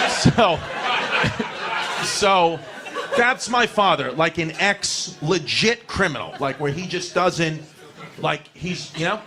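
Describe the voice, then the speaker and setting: New guy doing standup, swears a lot, kinda high voice, noisy club behind him. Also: measured pace. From New York City. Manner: profane, rambling, animated storytelling with fillers. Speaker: stand-up comedian. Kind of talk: stand-up storytelling.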